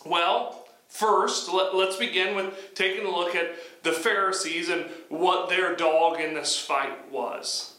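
A man gives a sermon in a high, bright voice. He talks it through conversationally and restarts his phrases often. The recording carries a noticeable room echo. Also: steady tone, slow pace. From United States. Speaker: preacher. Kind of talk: sermon teaching. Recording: echoey room.

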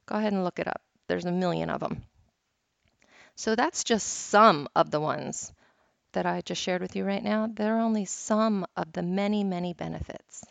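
A woman hosting a meditation podcast teaches in a casual, chatty way, telling stories and laughing often. Her voice is on the low side and gravelly at a moderate pace. The recording is dull and lo-fi, with no room sound.

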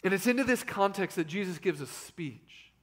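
A male pastor in his thirties preaches with animated energy. His voice sits a little high for a man. He swings from loud, emphatic lines to soft, hushed asides. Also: moderate pace. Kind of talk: sermon.

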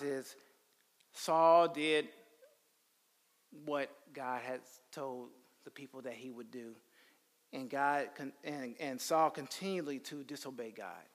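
A man teaching the Bible in a lively sermon style, telling stories and acting out quotes. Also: fairly high pitch. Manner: animated storytelling, slips into character voices. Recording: long hall reverb.

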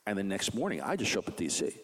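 A man casually telling a story about his own career, animated, often restarting sentences and acting out other people's lines. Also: racing. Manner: animated, acts out other people's lines with big pitch jumps; frequent restarts and stumbles. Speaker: comic book artist guest.

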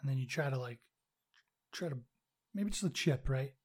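A man's voice: mid-range voice, lively intonation, normal speed, slightly rough. A man co-hosting a casual podcast chat, laid-back and swearing casually as he brings up news items. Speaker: podcast co-host.

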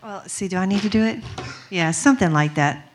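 A woman's voice: mid-range voice, brisk, a little hiss or hum. A young woman from Mississippi with a strong Southern accent, chatting casually and giggly with lots of fillers. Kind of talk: casual chat to a group.

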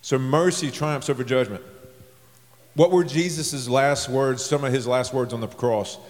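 A man's voice: mid-range voice, a little slow. Man preaching in a reverberant hall. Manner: conversational storytelling with rising emphasis. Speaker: pastor. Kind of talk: sermon. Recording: long reverb of a large hall.

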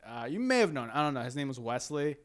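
A man's voice: mid-range voice, very animated, quick pace, smooth. A young man casually telling a story to a friend, laughing often and acting out what people said, with plenty of swearing. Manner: laughing storyteller, acts out quotes, swears freely.

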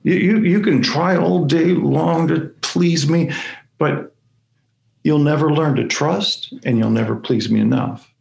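A man giving a sermon-style talk, telling his story in a halting way with repeated words and lively acted-out asides. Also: a little high, vocal fry, roomy sound, muffled recording. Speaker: speaker.

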